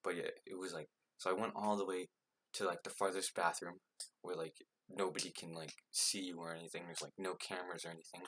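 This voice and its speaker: Low, bright, husky young man rambling. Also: little pitch movement, a little fast. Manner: rambling, filler-heavy, self-mocking. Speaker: vlogger. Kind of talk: casual storytelling.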